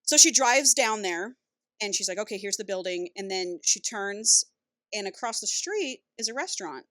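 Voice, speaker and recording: A woman podcast co-host recapping a novel in casual, animated storytelling with casual profanity. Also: mid-range voice, moderate pace, dry recording.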